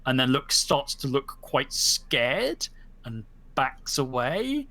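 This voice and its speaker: A man narrating a tabletop role-playing game as game master over an online voice call, in lively, halting speech full of restarts. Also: medium pitch.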